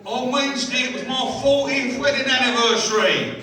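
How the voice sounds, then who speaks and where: A man's voice: very high voice, moderate pace. Comedian in his sixties, echoing hall. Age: 60s. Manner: chatty with the crowd, punchy deadpan delivery. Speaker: stand-up comedian. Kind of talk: stand-up comedy routine. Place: holiday village entertainment hall. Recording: echoey hall from far off.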